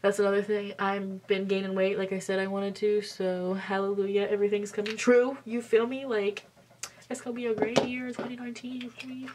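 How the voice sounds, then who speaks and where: A woman's voice: medium pitch, level tone, a little fast, a little mellow, slight background noise. A woman in her twenties telling a story on camera at home while doing her makeup, blunt and emphatic, swearing freely. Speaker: beauty vlogger. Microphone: camera mic.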